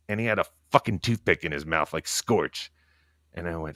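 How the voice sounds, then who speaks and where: Brief: low-pitched male streamer, profane and rambling, talking quietly at home at night, dry room. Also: animated, brisk, no room sound. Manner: talking quietly so as not to wake others. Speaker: livestreamer. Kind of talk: casual livestream monologue.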